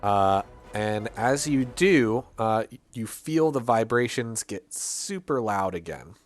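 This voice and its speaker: A male game master narrates the scene slowly, pausing often and filling gaps with hesitant fillers. Soft music plays faintly underneath. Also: medium pitch, expressive. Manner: halting, full of fillers.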